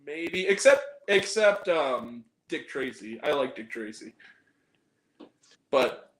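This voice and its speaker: Animated high-voiced man in a roomy space. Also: takes it slowly. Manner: animated, crude joking, frequent laughter. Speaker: podcast host. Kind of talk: casual chat. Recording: roomy echo.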